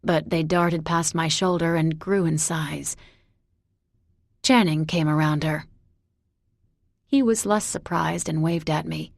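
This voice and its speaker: A woman reads a novel aloud in the first person, measured and introspective. Her pace is slow and her voice sits fairly low, in a dry, close recording. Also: steady tone, gravelly, no room sound. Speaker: audiobook narrator. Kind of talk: first-person audiobook narration.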